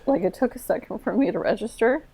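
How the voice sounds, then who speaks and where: A woman's voice: on the high side, quick pace, dark tone, slightly rough, rough recording. A woman, a military veteran, candidly recounting a personal story in an interview, with many "like"s and re-enacted quoted dialogue. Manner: candid, run-on retelling full of "like" and quoted dialogue. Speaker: guest, Air Force medic veteran.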